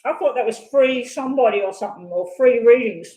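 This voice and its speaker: A woman doing a live tarot reading, talking fast and rambling off on side chats. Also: a little high, mellow. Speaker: tarot reader. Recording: echoey room.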